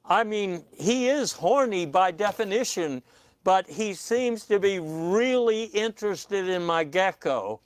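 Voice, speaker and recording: A man hosting a comic news panel with a dry, deadpan delivery and hesitant fillers. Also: high-pitched, slow, clear, resonant tone, dry recording. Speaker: comedy news host.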